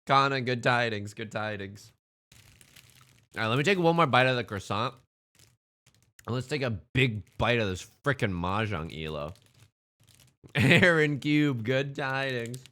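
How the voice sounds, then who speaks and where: A man's voice: medium pitch, expressive, moderate pace, pauses often, bright, forceful tone. A man chatting casually on a live stream, greeting viewers and talking while he eats. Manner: upbeat, greets chatters, talks while eating.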